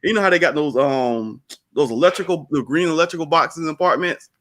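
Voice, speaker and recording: A man's voice: fairly high pitch, brisk, no echo. A man casually telling a story to a friend, full of slang, calling him man and dog. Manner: lively, slangy, says "man" and "dog" a lot.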